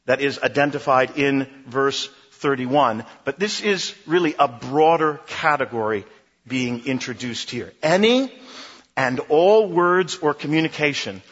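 A middle-aged male pastor preaches with a bright, forceful edge and a husky grain to his voice. He drives his points home by repeating short phrases in rhythmic lists. The sound is dull and lo-fi, with a long reverb from a large hall. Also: mid-range voice, lively intonation, measured pace. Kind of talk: sermon.

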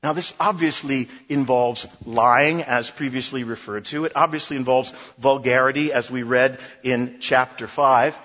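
Emphatic preacher in a big echoing hall. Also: male voice, mid-range voice, fairly even intonation, normal speed, few pauses, fairly bright tone. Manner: emphatic, repeats key phrases in rhythmic lists. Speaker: pastor. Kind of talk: sermon. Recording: dull lo-fi recording in a reverberant hall.

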